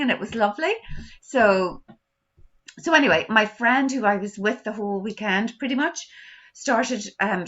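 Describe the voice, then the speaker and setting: Chatty woman on a lo-fi video call. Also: on the high side. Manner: chatty, laughs often, animated storytelling. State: recovering from covid. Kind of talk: casual video call chat. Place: son's bedroom at home. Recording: dull lo-fi video call audio.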